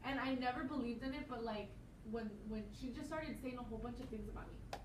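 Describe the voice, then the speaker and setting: A woman's voice: on the high side, fast talker. Woman student telling a story in class, acts out the quotes, far from mic, echoey and noisy. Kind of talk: casual classroom anecdote.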